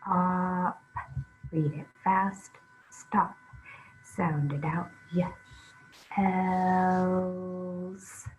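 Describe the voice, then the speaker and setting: A woman's voice: low-pitched, fairly even intonation, takes it slowly, a little hiss or hum, low-quality recording. A woman teaching a phonics lesson to young children, sounding out letters one at a time and praising the listener. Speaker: reading teacher.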